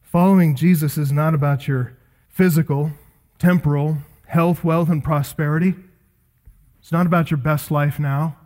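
A man's voice: on the high side, steady tone, moderate pace, a little mellow. A man preaching an expository sermon, building emphatic lists of phrases with rising intensity.

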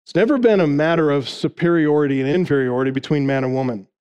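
A man's voice: fairly high pitch, quick pace, darkish tone, clean tone, muffled recording. A man preaching an expository sermon, making numbered points emphatically and acting out quoted lines. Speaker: pastor.

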